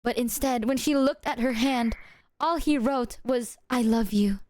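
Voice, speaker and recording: A woman streamer telling stories to her chat in a lively, profane, chatty way. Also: high-pitched, measured pace, no echo. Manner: animated, profane storytelling, talks to chat. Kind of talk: casual livestream chat.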